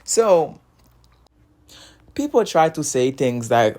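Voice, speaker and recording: A man's voice: mid-range voice, big pitch swings, slow pace, long pauses. A man, an immigrant with a foreign accent, giving a heated casual opinion monologue. He repeats himself often and breaks into short laughs between points. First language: not English. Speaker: commentator.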